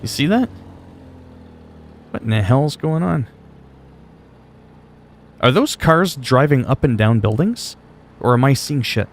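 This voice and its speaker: A man's voice: medium pitch, measured pace, pauses often, a little hiss or hum. A man streaming a game live, chatting casually as he plays, answering his chat with wry asides and the odd curse. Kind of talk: casual live gameplay commentary.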